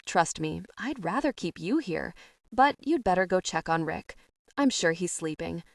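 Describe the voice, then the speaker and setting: A woman voicing a gentle, devoted young man speaking sincerely to his lover. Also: fairly low pitch, expressive, measured pace, gravelly, no echo, clean studio sound, recorded from a distance, full character voice. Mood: tender.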